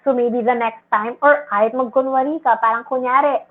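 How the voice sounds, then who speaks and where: A Filipino woman speech therapist answering parents on a livestream, gently explaining and mixing languages, sometimes acting out a parent's lines in a high exaggerated voice. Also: steady tone, a little fast. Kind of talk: livestream Q&A advice. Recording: tinny phone-like livestream audio.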